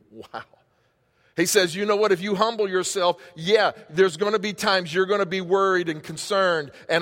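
A man's voice: sits high, a bit bright. A man preaching a sermon as pastor, impassioned and conversational, talking straight to the congregation. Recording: long hall reverb.

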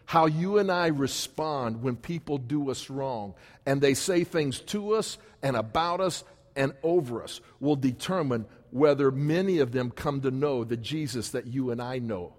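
Guy preaching a sermon, mid pitch, keeps repeating lines for emphasis, big echoey church hall. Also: unhurried, few pauses. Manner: emphatic, repetitive preaching cadence. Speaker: pastor. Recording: long hall reverb.

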